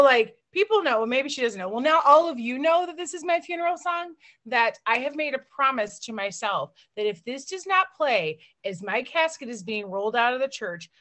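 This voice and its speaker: A young woman co-hosting a podcast in casual chat, animated and joking, laughing often. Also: high voice. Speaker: podcast co-host.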